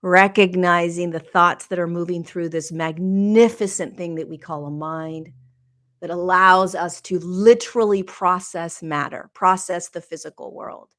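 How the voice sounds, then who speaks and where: Slow, searching woman with a low voice. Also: steady tone, a bit bright. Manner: slow, searching, halting and emotional. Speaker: podcast host. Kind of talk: reflective spiritual monologue.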